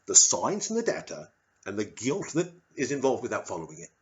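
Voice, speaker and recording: A man's voice: mid-range voice, huge pitch swings, fairly quick, dull audio. A man voicing an overly polite British official who keeps apologizing and calling someone sir. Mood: fawning. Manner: repeats "sir" obsequiously.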